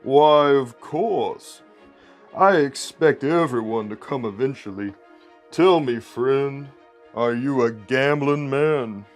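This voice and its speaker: A man voicing a large, sly male catfish crime boss with a slow, coaxing Mississippi Southern drawl. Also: medium pitch, soft background music, lightly acted. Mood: welcoming. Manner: slow, smooth, coaxing menace.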